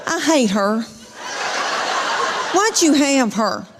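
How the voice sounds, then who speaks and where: A woman's voice: high voice, lively intonation, takes it slowly, crowd noise, background noise. A woman, telling folksy, self-mocking stand-up stories. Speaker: stand-up comedian. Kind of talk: stand-up storytelling.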